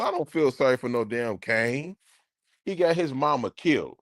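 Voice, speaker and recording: A man streaming, ranting casually to his live chat in an animated, profane way. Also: medium pitch, normal speed, dry recording, clean studio sound.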